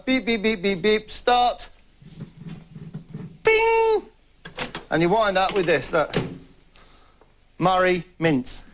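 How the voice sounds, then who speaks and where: A man delivering a rambling comic monologue, deadpan and boastful. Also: a little high. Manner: chatty, deadpan boasting, laughing at own jokes. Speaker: comedy host. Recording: noisy background.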